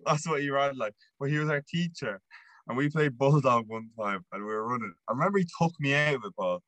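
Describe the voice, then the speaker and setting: A man's voice: mid-range voice, brisk, fairly bright tone, dry recording, low-quality recording. A young man with an Irish accent, hosting a casual podcast chat, laughing as he tells stories and swearing freely. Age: young adult. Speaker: podcast host.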